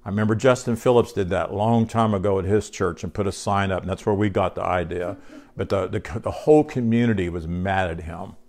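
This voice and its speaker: A low, darkish male voice, a little fast, belongs to a pastor giving a sermon while short on sleep. He speaks to his congregation in a folksy, conversational manner, reading scripture aloud and often asking them questions.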